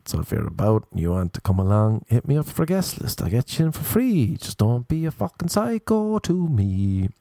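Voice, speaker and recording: A man's voice: medium pitch, sing-song, moderate pace, hardly any pauses, mellow, no room sound, clean studio sound. A man in his thirties with an Irish accent, hosting a podcast and giving rambling, jokey advice in a casual comic chat. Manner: rambling, jokey, riffs in silly voices. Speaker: podcast host and stand-up comedian.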